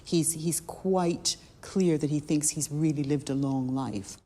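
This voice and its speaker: An English woman expert explaining history in an interview, thoughtful and measured. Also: deep voice, dark tone. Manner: thoughtful, with restarts. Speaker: expert guest.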